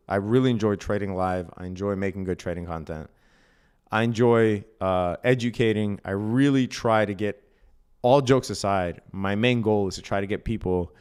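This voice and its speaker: A man with a clear, resonant voice on the low side casually explains day trading during a live stream. Blunt and a bit profane, he reads out viewers' chat messages, answers them, and repeatedly asks "right?"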